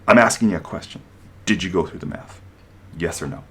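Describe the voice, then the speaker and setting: A man's voice: sits low, fairly quick, bright, forceful tone, slight background noise. A man voicing an impatient, demanding male boss who cuts off a vague answer and insists on a straight reply. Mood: exasperated. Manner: exasperated, insistent.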